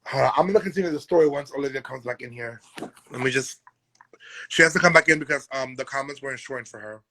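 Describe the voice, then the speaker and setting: A young man chatting casually on a phone live stream and telling a story in animated, slangy talk. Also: medium pitch, quick pace. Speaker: drag performer hosting a live stream.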